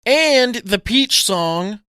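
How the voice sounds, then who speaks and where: Young male co-host, lively and bright, profane casual chat, close dry mic. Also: high-pitched, drawn-out words, clean tone, no room sound. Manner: animated, profane, acts out movie scenes in funny voices. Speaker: podcast co-host.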